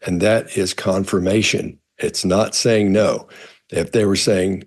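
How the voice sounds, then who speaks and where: A man's voice: deep voice, level tone, a little slow. A man, a body language expert, casually answering viewer questions in a rambling way, often restarting his phrases. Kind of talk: casual explanatory talk.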